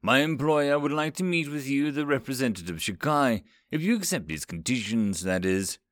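A man voicing a polished, mysterious male alien envoy who speaks politely, with calm amusement. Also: mid-range voice, normal speed, no room sound, clean studio sound, lightly acted. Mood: composed. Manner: polite, composed, faintly amused.

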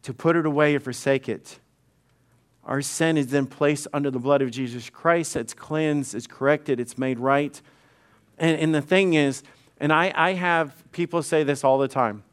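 A man's voice: a little high, normal speed, clear, resonant tone. A middle-aged male pastor preaching conversationally, often repeating words and acting out quoted dialogue. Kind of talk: sermon.

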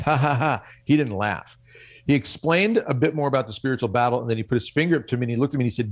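A man on a radio show telling a self-mocking personal story in an animated way. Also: mid-range voice, fast talker. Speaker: guest speaker on spiritual life.

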